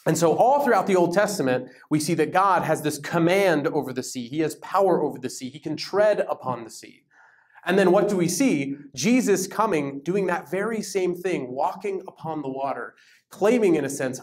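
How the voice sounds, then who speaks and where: A man leading a Bible study, teaching in a lively, conversational way and giving verses dramatic emphasis. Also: a little high, normal speed. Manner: animated, emphatic, reads verses aloud with dramatic stress. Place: church meeting room.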